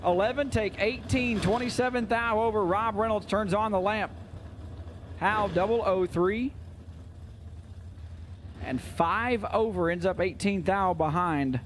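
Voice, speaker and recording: A man calls drag races at an outdoor track in a high voice, reeling off names and numbers with quick jokes. His calls carry over the loudspeaker with faint noise behind them. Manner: rapid-fire jokey announcing. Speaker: drag racing announcer. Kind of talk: live race commentary over PA. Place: outdoor racetrack.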